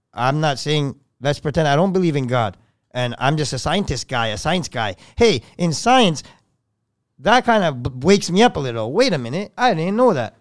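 A man's voice: sits high, no echo, studio quality. A man speaking as a podcast guest, rambling through an emotional story, swearing often, his voice swelling and dropping with feeling.

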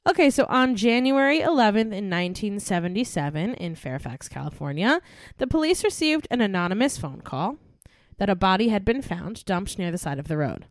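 A woman's voice: medium pitch, sing-song, fairly quick, few pauses, no echo, clean studio sound. A young woman co-hosting a podcast, chatting with her friend and then reading through a murder case, laughing often. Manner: chatty, giggly, reads case notes. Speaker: true crime podcast co-host. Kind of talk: casual podcast chat and case narration.

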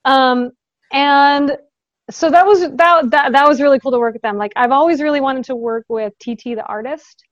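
A woman's voice: high-pitched, normal speed, no room sound, lo-fi sound. A woman guest talking casually in an interview, chatty, with frequent laughs and fillers, over a video call.

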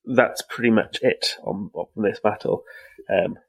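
A man's voice: fairly low pitch, a little slow, no echo, poor audio. A young man co-hosting a casual history podcast, rambling with lots of fillers and restarts. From Wales. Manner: rambling, many fillers and restarts, laughs often. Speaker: podcast co-host.

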